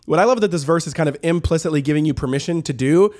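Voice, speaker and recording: A man's voice: on the high side, fast talker, darkish tone. A man co-hosting a podcast, talking in an upbeat, conversational way. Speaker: podcast co-host. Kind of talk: casual podcast discussion.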